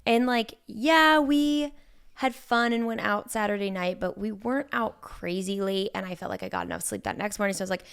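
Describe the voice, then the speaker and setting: Woman, thirties, podcast co-host, animated swooping pitch, chatty. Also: brisk, clear, resonant tone. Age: 30s. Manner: chatty, expressive. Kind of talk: casual chat.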